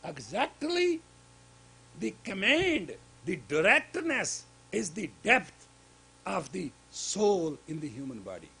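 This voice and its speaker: A man giving a sermon-style lecture as a spiritual teacher in a gurdwara, speaking emphatically with sudden loud rises on key words. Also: high voice, big pitch swings, slow pace, gravelly, husky, poor audio.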